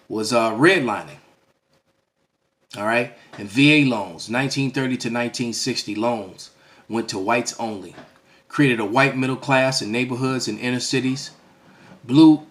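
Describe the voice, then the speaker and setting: Man, religious teacher, preaching-style lecture, emphatic, stammers and restarts, mid pitch. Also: a bit bright. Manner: emphatic, repeats "all right?" as a check-in.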